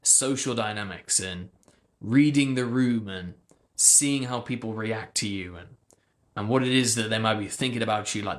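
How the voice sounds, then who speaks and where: A man's voice: fairly low pitch, a bit bright. A man, a speech coach, chatting casually on a livestream and answering viewers. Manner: chatty, loose, fillers, answers viewer comments.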